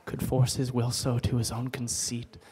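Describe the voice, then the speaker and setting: A man performing a brooding, self-reproaching young prince as a stage soliloquy at a bookstore open mic, swinging between hushed lines and loud outbursts. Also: mid-range voice, completely flat delivery, moderate pace, husky.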